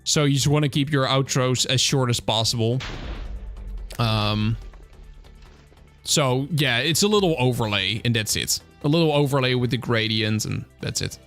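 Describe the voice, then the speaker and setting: A man's voice: mid-range voice, moderate pace, a bit bright, soft background music. A man from the Netherlands with a Dutch accent, chatting casually on a livestream and answering viewer questions with lots of fillers and restarts. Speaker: streamer.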